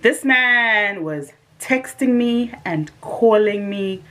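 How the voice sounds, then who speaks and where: A woman with a British accent, vlogging as she tells a dating story in a casual, animated way, acting out what people said. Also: medium pitch, takes it slowly. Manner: animated, dramatic retelling with quoted asides.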